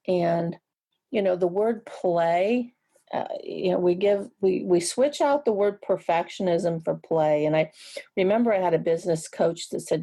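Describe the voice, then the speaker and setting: A middle-aged woman talks through her experiences as an interview guest. Her voice sits low with a dark, mellow warmth and a gravelly edge. She is reflective, often restarting a sentence and laughing softly. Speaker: guest, energy psychology counselor. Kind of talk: casual interview storytelling.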